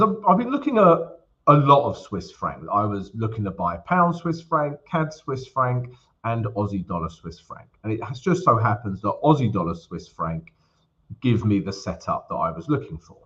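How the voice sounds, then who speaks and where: A man hosts a live trading stream in a relaxed, jokey way, greeting viewers by name as he talks through his charts. His voice sits at an ordinary middle pitch. The audio is a little dull and lo-fi. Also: normal speed. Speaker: forex trading livestream host. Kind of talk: casual livestream chat.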